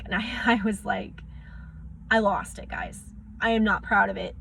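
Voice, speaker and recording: A woman's voice: mid-range voice, fairly even intonation, gravelly, a bit bright, slight background noise. Frustrated young woman ranting, near tears. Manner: frustrated, recounting dialogue in quick bursts. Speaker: vlogger. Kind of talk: emotional personal vlog rant.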